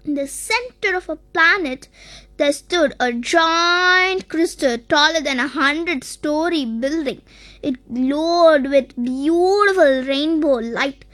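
Sing-song children's story narrator, very high and unhurried, dry close sound. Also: a bit bright, dry recording.

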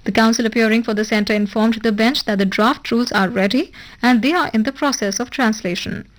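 A woman reading a formal radio news bulletin in a measured, even broadcast delivery. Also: fairly high pitch, poor audio. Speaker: newsreader. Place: radio studio.

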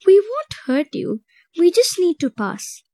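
A woman's voice: very high-pitched, big pitch swings, unhurried, no room sound, voice pushed up, heavily acted. A woman voicing Bloom, a headstrong young nature fairy girl in a storybook. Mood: gentle. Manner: cries out, then gentle whisper.

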